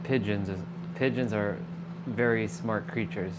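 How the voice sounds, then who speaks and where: A man hosting a livestream, talking casually and telling an animated story, swearing freely. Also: lowish voice, unhurried, heavy background noise. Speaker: livestream host.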